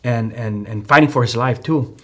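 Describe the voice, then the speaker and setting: At normal speed and in a mid-range voice, a man with a Chicano English accent shares his personal testimony as a podcast guest. He tells it loosely like a story, stumbling through lots of fillers and restarts.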